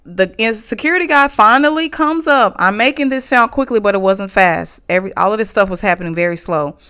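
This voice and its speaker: A woman, casually recounting a frustrating experience in a vlog, emotional and halting with restarts. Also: mid-range voice, a bit bright, clean tone. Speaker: small business owner reviewing an event.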